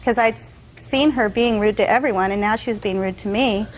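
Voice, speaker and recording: A woman's voice: mid-range voice, fairly quick, a little hiss or hum, low-quality recording. A woman testifying as a defendant in court, telling her side in long detailed stories and acting out what others said.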